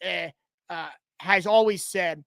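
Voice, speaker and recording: This sports talk show host streams live, his high voice bright and cutting as he speaks slowly in loose, rambling runs full of sarcasm and restarts. The sound is close and dry, with no room sound at all.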